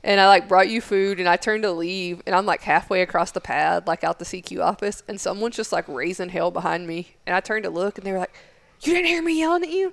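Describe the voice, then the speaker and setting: A woman who is a military spouse, telling animated, profane stories in casual podcast chat. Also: lowish voice, a little fast, gravelly, few pauses, dry recording.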